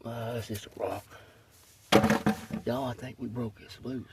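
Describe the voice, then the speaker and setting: A man's voice: mid-range voice, measured pace. Male rockhound vlogger, breathing hard, upbeat running chatter, distant phone mic, noisy outdoors. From Tennessee. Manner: excited, chatty, keeps addressing viewers as y'all. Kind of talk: casual first-person narration while digging. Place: muddy riverbed outdoors. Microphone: phone camera, point-of-view.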